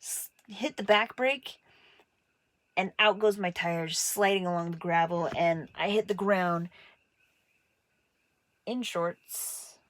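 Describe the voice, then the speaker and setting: A woman casually telling stories about her childhood, acting out other people's voices with big jumps in her pitch. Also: takes it slowly, long pauses, fairly bright tone. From Montana. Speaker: artist telling her life story. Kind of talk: casual personal storytelling.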